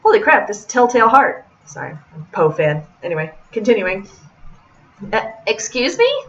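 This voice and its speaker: A woman's voice: medium pitch, animated, fairly quick, lo-fi sound. A young woman reading a visual novel aloud and adding chatty, joking asides as a let's-play host.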